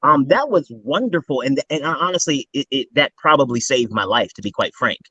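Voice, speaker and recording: A man hosting an interview, talking in an animated, rambling way as he thinks aloud. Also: mid-range voice, fairly quick, husky, no echo, highs cut off. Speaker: host. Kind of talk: casual interview talk.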